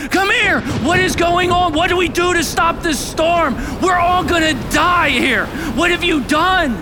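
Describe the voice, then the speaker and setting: A man acting out panicked male sailors caught in a raging storm, shouting frantic questions. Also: very high-pitched, unhurried, noisy background, voice pushed up.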